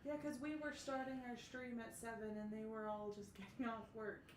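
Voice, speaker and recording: A woman's voice: on the high side, a little fast. Teasing woman in an echoey room. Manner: teasing, laid-back. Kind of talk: casual chat. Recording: echoey room with background noise.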